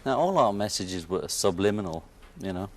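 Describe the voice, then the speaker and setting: A deep-voiced, animated man from Liverpool, England, speaks at a normal pace with a Liverpool accent. He's a musician appearing as a guest on a television interview, joking wryly and laughing often.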